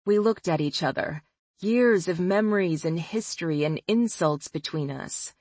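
A woman narrating a first-person audiobook in a measured, expressive way. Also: on the low side, dry recording.

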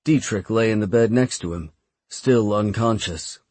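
A man narrating an audiobook in a steady, measured reading. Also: on the low side, no room sound. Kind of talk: scripted narration.

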